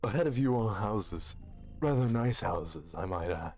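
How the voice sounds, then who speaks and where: An actor voicing the sardonic male narrator of a dark video game, in a dry, measured scripted style. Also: on the low side, expressive, soft background music. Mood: wry.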